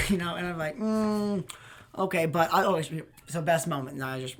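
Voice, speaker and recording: A man's voice: a little high, brisk, background noise. Chatty young man telling stories. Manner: rambling, laughing, swears, acts out quoted people. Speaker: podcast host. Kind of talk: casual storytelling chat.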